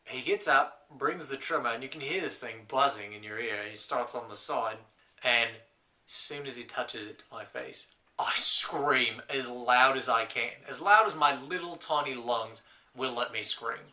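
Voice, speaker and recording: A man's voice: medium pitch, unhurried, sharp tone. A young man playing a lonely last man on earth, telling wry rambling stories to camera in a scripted comedy monologue.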